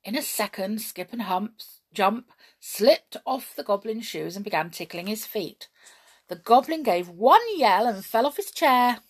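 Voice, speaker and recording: Woman reading a kids story, breathy, lots of ups and downs. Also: medium pitch, unhurried. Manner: expressive, lively storytelling. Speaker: narrator. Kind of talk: reading a children's story aloud.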